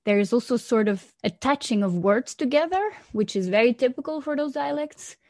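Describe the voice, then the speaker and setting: A woman from Flanders, a Dutch speaker, chatting lively as a podcast co-host, laughing often and restarting sentences. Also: fairly high pitch, moderate pace, no echo, clean studio sound. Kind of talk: casual explanatory chat.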